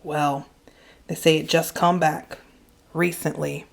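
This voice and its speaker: A woman voicing a gentle, grieving man driving a truck, speaking softly in a low, halting way. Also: level tone, creaky, exaggerated voice. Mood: sorrowful.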